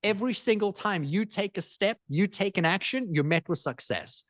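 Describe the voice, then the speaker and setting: A man speaking as a guest in an interview, energetic and emphatic, driving points home with repetition. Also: high-pitched, moderate pace, dry recording, clean studio sound. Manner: energetic, emphatic, repeats phrases for effect. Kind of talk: animated interview storytelling.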